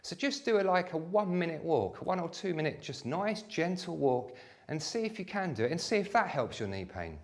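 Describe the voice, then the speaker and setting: A man's voice: on the high side, very animated, fairly quick. A man, a sports therapist, giving a live exercise class and demonstrating on his own leg in a chatty way.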